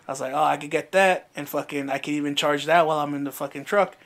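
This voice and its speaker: Casual: young guy rambling through a story, cussing, does everybody's lines, kinda high voice. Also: quick pace, gravelly. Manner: profane, animated, acts out quoted dialogue. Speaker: podcast co-host.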